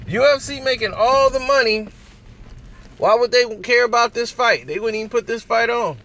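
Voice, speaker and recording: A man hosting his own commentary channel, talking in an animated, argumentative way and laughing often. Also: very high voice, normal speed. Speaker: boxing commentary channel host. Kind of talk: opinionated casual commentary.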